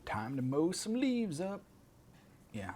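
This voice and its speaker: A man's voice: on the high side, very animated, takes it slowly, a little mellow, a little hiss or hum. A man chatting casually with viewers on a livestream, rambling, swearing and muttering asides. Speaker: streamer.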